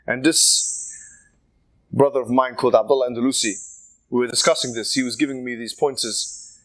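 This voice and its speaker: A man debating in public, laying out his argument in a measured way and building it from examples. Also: medium pitch, fairly even intonation, rough recording. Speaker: street debater.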